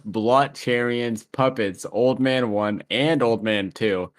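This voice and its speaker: A man's voice: medium pitch, slow, a crowd in the background. A young man co-hosting a live stream in casual chat, chuckling as he reads out long lists, with hesitant restarts. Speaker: stream co-host.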